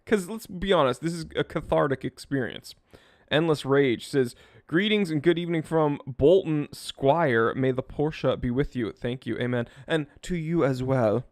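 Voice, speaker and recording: A man's voice: on the high side, moderate pace, dry recording, clean studio sound. Joking man reading live stream comments. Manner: joking, self-deprecating, lively. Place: home studio in California. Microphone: wearing headphones, close mic.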